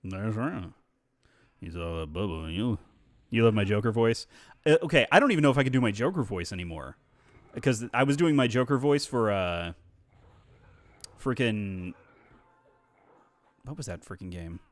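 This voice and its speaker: A man with a lowish voice streams live, chatting casually and animatedly while telling voice-acting stories and slipping into voices. He's a streamer and voice actor who talks at a moderate pace with long pauses, and the recording is dry.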